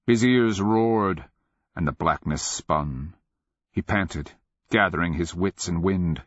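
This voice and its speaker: Brief: male narrator, deep and unhurried, grave reading, dry dull lo-fi recording. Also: fairly bright tone, slightly rough, no room sound. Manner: measured, grave storytelling. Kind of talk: scripted audiobook narration.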